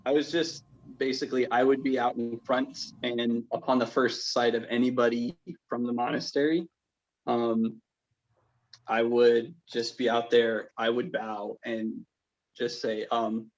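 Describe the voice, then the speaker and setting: A man plays a tabletop game and speaks earnestly and formally as his character. He has a mid-pitched voice. The recording is dull and lo-fi. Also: flat delivery, a little slow. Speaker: player. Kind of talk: in-character tabletop role-play.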